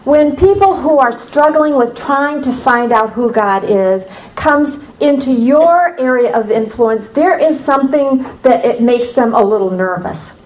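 Lively American woman telling her testimony. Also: high-pitched, measured pace, poor audio. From United States. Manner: lively storyteller, humorous asides, acts out dialogue. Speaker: speaker sharing her faith testimony. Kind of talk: personal testimony storytelling to an audience.

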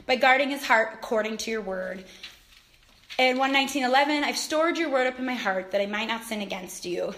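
A woman's voice: fairly high pitch, lively intonation, a little fast, a bit bright, a little hiss or hum. A middle-aged woman, a mother, giving a casual faith talk in a chatty way, laughing often and acting out quotes with animation. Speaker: mother and Christian speaker.

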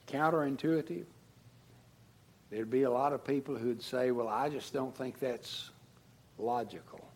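A man preaching a sermon as pastor, swinging from raised emphatic lines down to soft, low endings. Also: husky. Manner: dynamic preaching, rising to emphasis then dropping low and soft.

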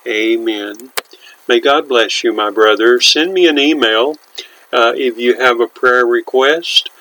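A man hosting a devotional podcast, speaking in an earnest, pastoral way with deliberate pauses, and leading a prayer. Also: mid-range voice, pushed and bright, poor audio. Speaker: podcast host and minister.

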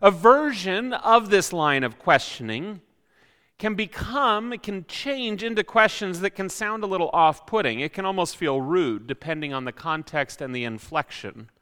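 A man's voice: high-pitched, animated, normal speed, pushed and bright, smooth, in a large hall. A man preaching a sermon as a pastor, reflective and full of rhetorical questions.

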